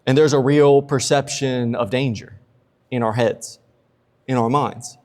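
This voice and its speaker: A man's voice: medium pitch, steady tone, a little slow, a little mellow. Man preaching in a reverberant church. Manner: casual, humorous preaching with acted-out quotes. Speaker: pastor. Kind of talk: sermon. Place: church sanctuary.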